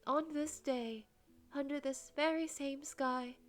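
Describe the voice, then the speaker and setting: A woman's voice: high voice, steady tone, slow pace, soft background music, pitched above the performer's own voice. A woman voicing a tender, sorrowful queen mother. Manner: solemn, tender speech-giving. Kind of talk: visual novel reading.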